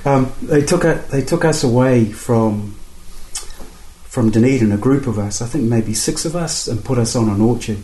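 Halting New man, warm low voice. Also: roomy sound, rough recording. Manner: halting, repeats words, says "bro" and "eh". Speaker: guest sharing testimony. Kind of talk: casual faith conversation.

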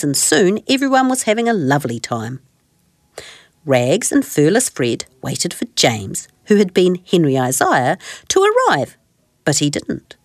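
A woman host reading a children's story aloud in a gentle, expressive storytelling manner. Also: fairly low pitch, dry recording, clean studio sound.

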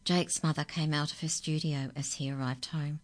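A woman calmly reading a children's story aloud. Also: low-pitched, normal speed.

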